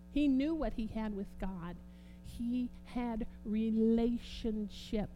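A woman preaching a sermon, fervent and swinging from quiet talk to loud exclamations. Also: a little high, low-quality recording.

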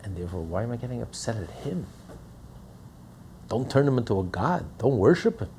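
A man's voice: medium pitch, big pitch swings, brisk, darkish tone, slight background noise. A man teaching a Torah class as a rabbi, preaching with rhetorical questions and acting out the voices he quotes.

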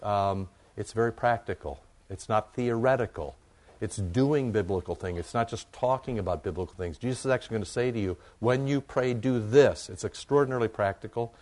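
A man's voice: on the low side, darkish tone. A man pastor giving a conversational, emphatic sermon, with asides to his congregation.

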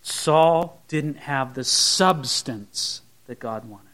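A male pastor preaching a sermon in an animated way, acting out scenes with shifting voices. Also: medium pitch, extremely slow.

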